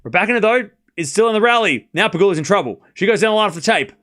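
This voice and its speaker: Male stream host, high lively voice, excitable play-by-play tennis commentary with banter. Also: racing. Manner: chatty, excitable, jokes and speaks to viewers.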